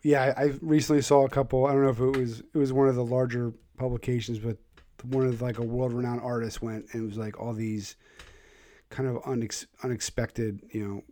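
A man's voice: mid-range voice, little pitch movement, brisk, dark tone. A man from Philadelphia with a faded Philadelphia accent, hosting a podcast in loose chat that trails off. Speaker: podcast host. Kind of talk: casual conversation.

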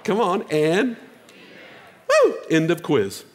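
A male pastor preaching a sermon, moving between casual asides to the congregation and loud exhortation. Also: fairly high pitch, big pitch swings, slow.

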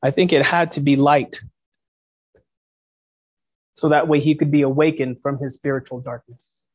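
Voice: medium pitch, steady tone, normal speed, darkish tone, breathy edge. A preacher delivering a reflective sermon, posing rhetorical questions to the listeners.

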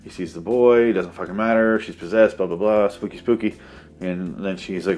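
A man's voice: low voice, steady tone, normal speed, a little mellow. A man giving a sarcastic, profane, rambling comedic recap of a movie plot.

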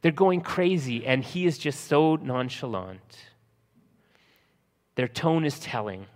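A man preaching a sermon, slowing for emphasis and acting out scenes from the text in lively voices. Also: mid-range voice, big-room sound. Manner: lively storytelling, acting out disciples' panic in a raised voice. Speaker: pastor.

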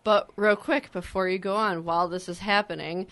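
A woman's voice: medium pitch, steady tone, normal speed, a bit bright. A woman co-hosting a casual podcast, animatedly retelling a film and acting out quotes with swearing. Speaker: podcast co-host. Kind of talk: casual film recap chat.

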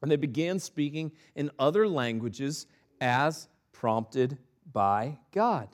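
Animated male pastor preaching. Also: slow pace. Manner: animated, dramatic drops to low quiet emphasis; joking asides. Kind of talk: sermon.

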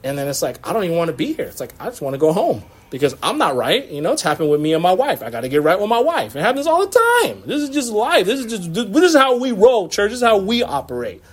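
Guy in his 30s preaching to his church, kinda high voice, chatty, laughs here and there. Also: big pitch swings, fast talker, few pauses, slightly rough. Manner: conversational preaching with laughs and asides. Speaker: pastor. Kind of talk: sermon. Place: church sanctuary.

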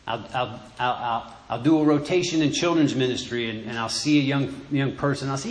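A man preaching a sermon in church, halting and repeating words as he goes. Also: medium pitch, a little hiss or hum. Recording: echoey room.

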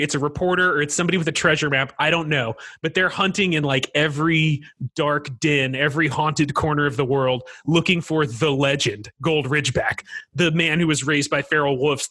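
A man co-hosting a podcast in casual chat, excitedly riffing and laughing as he pitches ideas. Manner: excited, laughing, riffs with quick impressions. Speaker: podcast co-host.

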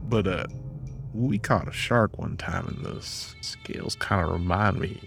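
Deep gravelly man, rambling and unsure. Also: a little slow, fairly bright tone, faint music behind. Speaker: player. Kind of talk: casual tabletop game chat.

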